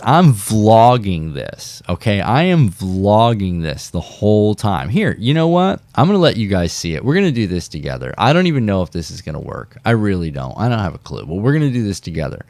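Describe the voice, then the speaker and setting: A man hosting a fishing podcast, telling a rambling story in a casual, animated way and talking straight to his viewers. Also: fairly low pitch, no room sound, studio quality.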